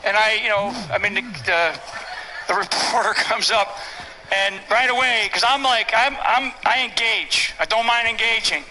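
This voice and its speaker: A man's voice: high voice, moderate pace, pushed and bright, poor audio. An older man speaking from a stage at a public event, emphatic and repetitive, often tagging lines with "right?". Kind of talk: rally speech.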